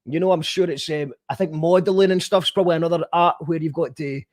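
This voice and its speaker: A man's voice: fairly high pitch, fast talker. A man hosting a casual interview, easygoing and casually sweary, often restarting his sentences. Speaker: interview host.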